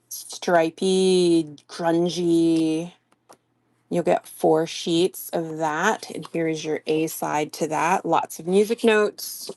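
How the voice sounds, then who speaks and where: A woman's voice: sits low, a little mellow, no room sound. A woman hosting a casual live-stream sale, chatting and greeting viewers by name as she shows items.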